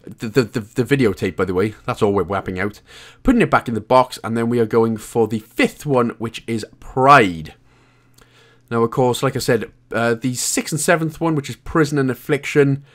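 A man's voice: mid-range voice, normal speed, fairly bright tone. A Welsh man hosting a game walkthrough guide, giving jokey, chatty commentary with casual swearing. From Wales. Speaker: gaming guide host.

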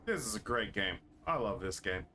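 A man's voice: fairly low pitch, normal speed, noisy background. A man casually commenting over a video game playthrough, joking and swearing as he plays. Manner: joking, profane, excitable. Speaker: let's play host.

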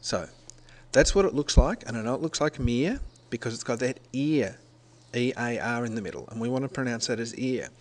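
This brisk, mid-range male voice belongs to a middle-aged Australian teacher giving a recorded presentation. His explanation is conversational and step by step, with self-corrections as he goes.

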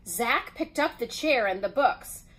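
A woman reads a children's picture book aloud at an unhurried pace. Her voice sits high and rises and falls with plenty of expression, and she lets each sentence land. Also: expressive, fairly bright tone, poor audio. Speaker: storyteller.

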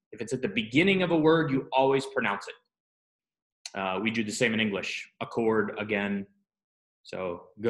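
A man's voice: mid-range voice, a bit bright. Man teaching in a roomy classroom. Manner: explanatory, asks students questions.

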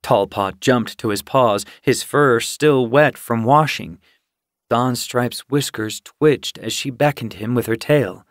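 Man, audiobook narration, slow measured pace, dry close sound. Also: medium pitch, no room sound. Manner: measured storytelling. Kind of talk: scripted narration.

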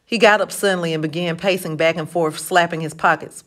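A first-person novel is read aloud for an audiobook by a woman whose voice sits on the low side. She moves briskly, in a steady manner with light expression.

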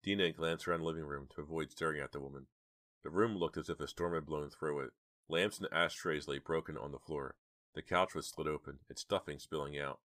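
Steady and measured, a man with an extremely deep voice narrates a horror audiobook. It's recorded close and dry, without any room sound.

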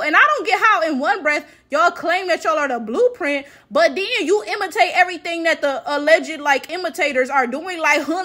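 A woman's voice: very high-pitched, bright, forceful tone. A woman giving a sarcastic, exasperated commentary rant as a vlogger, with many rhetorical checks. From United States.

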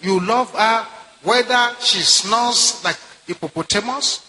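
Emphatic high-voiced Nigerian preacher man. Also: slow pace, pushed and bright. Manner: emphatic, lines delivered in short phrases for an interpreter. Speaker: pastor. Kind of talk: sermon. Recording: echoey hall with faint noise.

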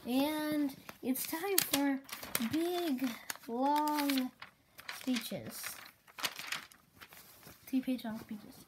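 A woman retelling her own comic saga in a loose, rambling way, stringing events together with constant "and then" and "he's like." Her voice sits a little high. A noticeable hiss runs under the whole recording. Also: extremely slow, long pauses. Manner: rambling, full of "and he's like" quoting. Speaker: storyteller recapping her homemade comic series. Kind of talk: casual rambling story retelling.

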